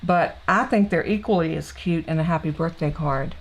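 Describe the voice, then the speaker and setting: This rough recording, with slight background noise, captures a Southern US woman whose voice sits low and moves at a moderate pace. As a craft channel host, she runs a casual live card-making stream from her home craft room, warm and rambling with plenty of fillers and restarts.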